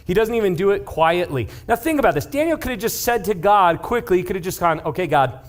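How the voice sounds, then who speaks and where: Animated young man preaching to youth. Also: high-pitched, fast. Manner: casual, animated retelling with acted-out quotes and sudden hushed asides. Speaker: youth pastor. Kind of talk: youth-group sermon storytelling.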